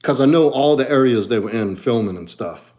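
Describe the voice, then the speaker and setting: A middle-aged man with a New Orleans accent, chatting casually on a livestream as a martial arts coach, blunt and profane, dropping to low mutters and rising to animated bursts. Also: brisk. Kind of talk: casual livestream chat reading comments.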